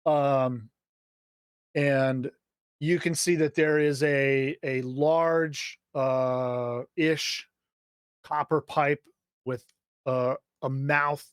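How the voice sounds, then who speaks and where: A man runs a tabletop game at an unhurried, halting pace, stopping to restart his sentences. His voice sits at an ordinary middle pitch. The sound is dry and close, with no room echo. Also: fairly even intonation, smooth. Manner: hesitant, lots of fillers and restarts. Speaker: game master.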